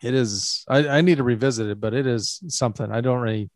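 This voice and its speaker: A man's voice: mid-range voice, fast talker, darkish tone, dry recording, clean studio sound. Easygoing man chatting about movies. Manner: laid-back, laughs often. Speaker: podcast co-host. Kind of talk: casual movie chat.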